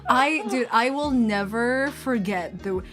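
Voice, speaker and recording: A woman's voice: fairly high pitch, takes it slowly, fairly bright tone, faint music behind. A woman hosting a VTuber stream, telling stories animatedly in casual chat, breaking into laughs and voiced quotes.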